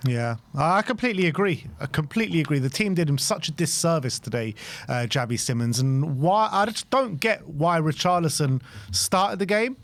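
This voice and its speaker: A man's voice: a little high, expressive, normal speed. A man on a football fan panel, agreeing and sounding exasperated. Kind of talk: football fan show discussion.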